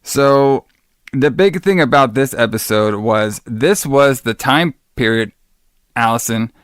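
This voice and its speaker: Rambling, excited podcast co-host man. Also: mid-range voice, slow pace, clean tone, no room sound, clean studio sound. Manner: rambling, lots of fillers and tag questions; enthusiastic about old wrestling shows. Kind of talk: casual podcast chat.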